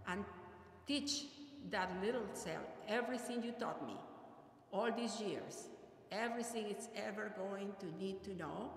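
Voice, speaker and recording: A woman's voice: mid-range voice, gravelly. Earnest woman giving a eulogy. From Peru. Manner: earnest, measured, heartfelt delivery. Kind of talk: memorial eulogy. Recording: echoey hall with long reverb, faint ambient noise.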